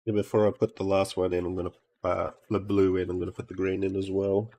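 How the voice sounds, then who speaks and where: Low and warm, with little pitch movement and a quick pace, this middle-aged Australian man talks casually while fixing a game console. He mutters to himself and sweet-talks the components as he solders.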